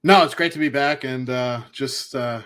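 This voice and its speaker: A man's voice: medium pitch, moderate pace, a bit bright. A man filling in as co-host on a sports podcast, talking with energy and laughing along. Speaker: fill-in co-host. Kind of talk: casual sports podcast chat.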